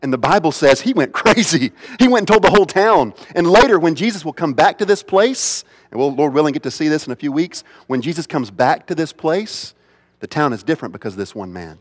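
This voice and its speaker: A man's voice: a little high, expressive, fairly quick, in a large hall. A man preaching a sermon as pastor, emphatic, with repeated phrases and rhetorical questions.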